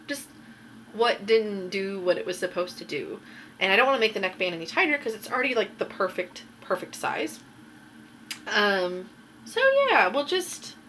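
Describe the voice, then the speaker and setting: Her finished knitting projects take center stage as this woman hosts her podcast, keeping the show-and-tell chat casual, a bit rambling and sprinkled with ums. The voice is mid-range, bright and forceful, and there's slight background noise.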